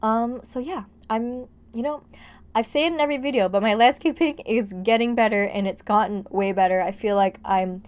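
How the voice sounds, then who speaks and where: A woman's voice: on the high side, normal speed, a little mellow. Breathless chatty young woman. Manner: chatty, rambling, heavy use of "like". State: out of breath and jittery from caffeine. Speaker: gaming vlogger. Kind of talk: casual voice-over commentary on a building game.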